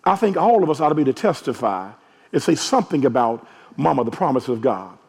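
A man, a hoarse pastor preaching a sermon and calling out to his congregation, rising to shouts. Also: medium pitch, very animated, brisk. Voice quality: gravelly, husky. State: hoarse from allergies. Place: large church sanctuary. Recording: long echo of a large church hall.

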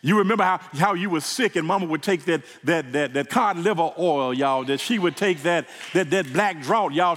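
A man's voice: a little high, moderate pace, hardly any pauses, fairly bright tone, a little hiss or hum. A man preaching a sermon in a church, emotional and repeating words as he builds. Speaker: pastor. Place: church sanctuary. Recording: reverberant church hall.

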